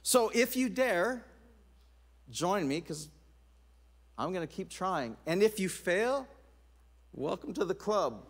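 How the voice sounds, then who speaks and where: Animated high-voiced male pastor. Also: takes it slowly, pauses often. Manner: animated storytelling with laughs and restarts. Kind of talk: sermon.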